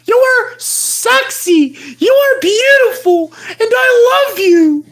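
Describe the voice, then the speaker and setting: A woman's voice: very high voice, animated, slow pace, heavily acted. A woman voicing a lovesick male plush toy with an overdramatic, wailing, gushing manner, acted for a comic live-stream skit.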